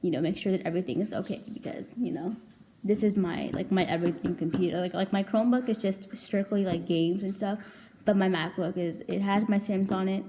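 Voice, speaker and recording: A woman's voice: medium pitch, a little fast, dark tone, a little hiss or hum. A young woman vlogging a casual storytime, rambling and chatty, packed with "like" and casual swearing. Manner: chatty, rambling, heavy filler "like", swears freely.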